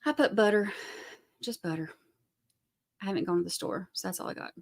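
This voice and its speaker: A woman's voice: mid-range voice, brisk, vocal fry. A woman with a Southern US accent hosting a casual livestream, rambling and chatty as she reads out viewer comments. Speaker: livestream host.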